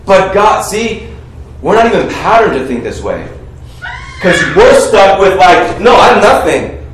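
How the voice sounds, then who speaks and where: A man preaching a sermon, calling on the congregation to finish his sentences and shout out answers. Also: high voice, unhurried, slight background noise. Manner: animated, coaxes the congregation to call out answers. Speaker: pastor. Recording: echoey room, heard from a distance.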